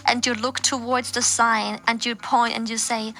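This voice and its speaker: A woman's voice: a little high, little pitch movement, normal speed, hardly any pauses, sharp tone, soft background music. A woman from Germany with a German accent, chatting casually on a stream and explaining things with acted-out examples.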